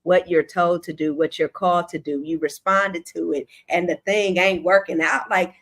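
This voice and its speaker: A woman hosting a casual interview who is expressive and affirming and jumps in with lively asides. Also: fairly low pitch, normal speed. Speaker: host.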